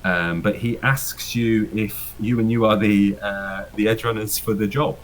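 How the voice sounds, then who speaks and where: A man's voice: fairly low pitch, fairly even intonation, a little slow, a little hiss or hum, low-quality recording. A man narrating as game master in a tabletop game, rambling with many fillers and frequent laughs.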